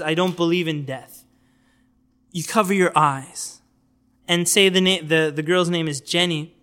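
A man giving an informal religious lecture on outreach, telling stories in a lively way and acting out the people he quotes. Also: sits high. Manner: animated storytelling, acts out quoted voices. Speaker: Islamic preacher teaching outreach.

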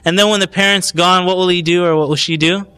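A man's voice: high-pitched, fairly even intonation, fast talker, sharp tone, clear, resonant tone. A man giving a recorded Islamic lecture on parenting, talking conversationally and putting questions to his audience.

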